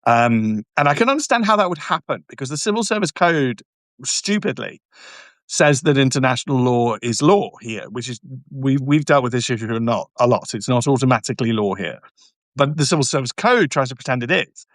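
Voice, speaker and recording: On his live stream, a barrister with a middle-pitched voice and lively intonation replies to comments briskly. He hammers his points, repeats himself, and keeps restarting after stumbles, adding sarcastic jabs. The audio is dry and close with no room around it.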